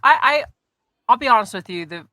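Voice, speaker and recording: Bright-voiced woman host, rambling questions. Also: fairly high pitch, expressive, a little fast, no room sound, studio quality. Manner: rambling, searching for words. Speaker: podcast host. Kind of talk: casual interview chat.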